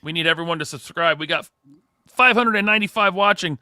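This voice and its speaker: A man's voice: a little high, fast talker, bright, forceful tone, no echo, clean studio sound. A man with a New England accent hosting a live podcast, reading viewer messages aloud and laughing often. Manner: reads viewer super chats aloud, laughing a lot. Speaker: podcast host. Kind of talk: casual live-stream chat.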